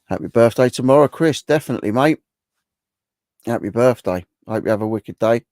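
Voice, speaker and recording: A man's voice: medium pitch, expressive, brisk, darkish tone, no room sound, studio quality. A middle-aged man, hosting a casual livestream, chatting and answering viewer comments in a rambling way. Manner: chatty and rambling, with many restarts. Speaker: livestream host. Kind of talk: casual live chat reading viewer comments.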